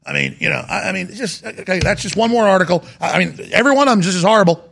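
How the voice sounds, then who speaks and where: Gravelly, heated male talk host. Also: sits high, very fast, a bit bright. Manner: heated, emphatic, repeats himself. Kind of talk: agitated talk radio commentary.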